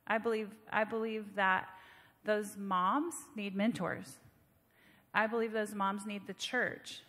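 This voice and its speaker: A woman's voice: medium pitch, steady tone, slow, a bit bright, in a large hall. A woman speaking conversationally and emphatically on a church panel.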